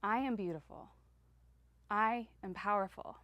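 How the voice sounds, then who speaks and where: A middle-aged woman giving a heartfelt motivational talk, speaking earnestly with slow emphatic affirmations. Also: mid-range voice, no room sound.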